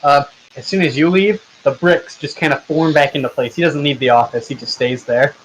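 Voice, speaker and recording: A man running a tabletop game as game master, narrating casually with halting restarts over a voice call. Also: fairly high pitch, fairly even intonation, a little hiss or hum, rough recording. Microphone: headset or desk mic on a voice call.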